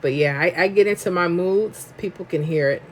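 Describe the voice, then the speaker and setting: Talkative New York-accented woman, low-ish voice, casual live-stream host who reads chat comments aloud and talks slangy and emphatic. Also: moderate pace, slight background noise.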